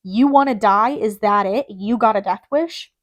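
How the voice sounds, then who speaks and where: A woman's voice: mid-range voice, moderate pace, close to an everyday voice. Casting: a woman voicing a defiant young junkie man, blunt and profane. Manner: blunt, streetwise, cursing. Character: tough young male junkie, quick-tempered and blunt.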